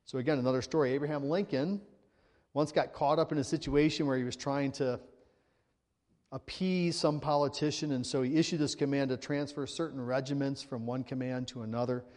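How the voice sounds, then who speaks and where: A man preaching in a relaxed, conversational way, often checking in with the congregation and lifting his voice to stress a point. His mid-range voice carries a long reverb tail from a large hall. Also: medium pitch, fairly quick. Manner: conversational preaching with frequent tag questions and rising emphasis. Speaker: pastor. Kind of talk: sermon.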